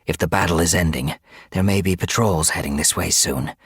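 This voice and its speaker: A man's voice: deep voice, brisk, husky, dry recording, studio quality, exaggerated voice. A man reading an audiobook, voicing a practical female warrior cat in a firm, no-nonsense way. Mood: brisk.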